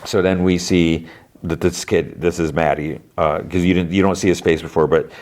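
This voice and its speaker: A man's voice: deep voice, steady tone, normal speed, darkish tone. A man hosting a podcast, casually retelling a TV episode scene by scene and quoting the characters in a raised voice. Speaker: podcast host.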